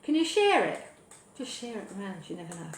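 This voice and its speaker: Cheery British woman cooking in an echoey kitchen, natter over clattering dishes, mid-pitched and warm-hearted, chatty. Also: sing-song, fairly quick, slight background noise. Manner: cheerful, rambling, cheeky asides, bursts of loud whoops. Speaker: cooking show host. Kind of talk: chatty live cooking stream. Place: home kitchen.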